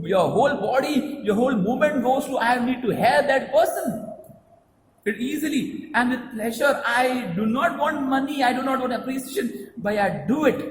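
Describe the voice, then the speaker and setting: A man preaches a sermon, repeating his points with emphasis and slipping into Marathi phrases. His voice sits very high. The recording rings with long reverb, as in an echoey hall. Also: noisy background. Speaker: priest.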